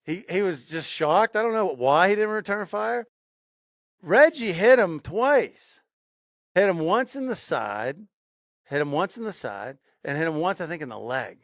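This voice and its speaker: A man's voice: sits high, animated, a little slow, gravelly, a bit bright, dry recording, studio quality. A man co-hosting a podcast, telling a story casually and building suspense, often repeating phrases for emphasis. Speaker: podcast co-host.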